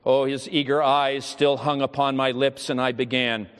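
A man's voice: medium pitch, little pitch movement, moderate pace, a bit bright, smooth. A pastor, a man, preaching a sermon with solemn storytelling and prayer in a church hall. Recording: long hall reverb.

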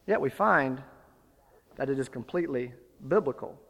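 A man preaching a sermon, retelling a story with lively, building emphasis. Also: medium pitch, moderate pace, in a large hall. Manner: storytelling, animated, rising to forceful emphasis.

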